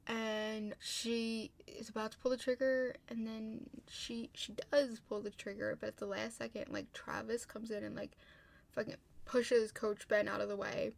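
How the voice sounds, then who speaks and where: Her voice sits fairly high, with a level tone, a measured pace, and a creaky edge. She's a young woman giving a chatty, casual rundown of a TV episode, swearing regularly and saying "like" constantly.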